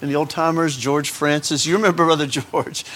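Here a man teaches Sunday school with a fairly high, steady voice that's a bit bright, moving briskly. He talks to the congregation conversationally, adding joking asides and frequently restarting amid many fillers.

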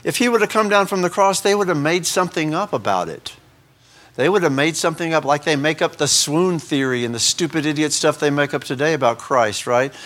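Folksy preacher, slightly high voice. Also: male voice, fairly quick, a bit bright. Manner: folksy, conversational preaching with rising emphatic reads. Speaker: pastor. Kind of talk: sermon.

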